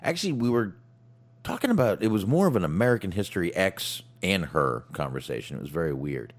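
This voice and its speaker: A man with a very deep voice hosts a casual chat show. He talks in a halting way and keeps restarting his sentences. Fillers like "um" and "like" run all through his speech. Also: sing-song. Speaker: podcast host.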